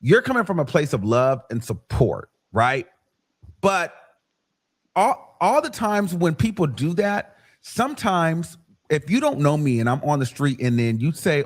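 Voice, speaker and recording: Animated man hosting a livestream. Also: on the high side, moderate pace. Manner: animated, acts out quoted voices, many restarts. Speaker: livestream host. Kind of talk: casual livestream discussion.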